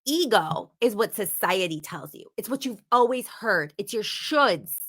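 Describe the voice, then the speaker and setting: A woman's voice: mid-range voice, animated, unhurried, a bit bright, slightly rough. A woman giving a motivational teaching talk, speaking emphatically and repeating words for stress. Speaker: instructor.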